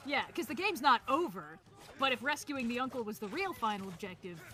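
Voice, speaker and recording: A woman co-hosting a relaxed gameplay stream, chatting and laughing freely. Her voice is bright and clear, sitting a little high. She talks in a loose, joking way. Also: a little fast. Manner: lively, laughs often, slips into jokey voices. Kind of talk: casual chat over gameplay.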